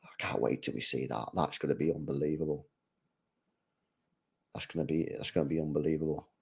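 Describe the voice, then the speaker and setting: A man's voice: very deep voice, fairly even intonation, a little fast, creaky, darkish tone, breathy edge. A young man hosting a live football watchalong, chatting casually with viewers in slang and rambling with restarts. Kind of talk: casual live match commentary.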